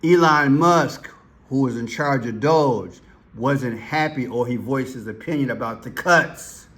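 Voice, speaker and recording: This is a man at an unhurried pace, talking over clips he plays. He leans hard on key words and repeats them. His pitch sits in a middle range. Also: a bit bright. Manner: emphatic, stresses single words and repeats them. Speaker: commentary channel host. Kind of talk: slow, deliberate commentary over played clips.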